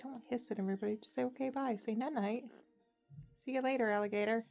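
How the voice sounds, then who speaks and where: A woman's voice: on the high side, steady tone, fast, gravelly, a little mellow, faint music behind. A woman chatting casually at home with her pet parrots, slipping into sing-song baby talk. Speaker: parrot owner. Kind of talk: casual chat with pet birds. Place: home living room.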